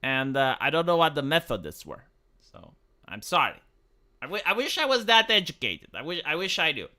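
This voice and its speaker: A man's voice: a little high, fairly quick. A man from Romania, ranting casually on a live stream with lots of stammers and swearing. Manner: profane, stammering, animated. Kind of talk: casual livestream rant.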